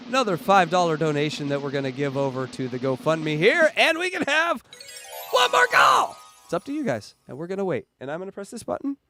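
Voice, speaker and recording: A man hosting a casual livestream, joking around and hyping donations in an excitable way. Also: a little high, a little hiss or hum. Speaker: livestream host.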